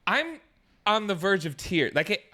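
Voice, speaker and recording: Animated high-voiced man telling a story. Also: moderate pace. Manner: animated, dramatic storyteller acting out quotes. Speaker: podcast co-host. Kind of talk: casual storytelling chat.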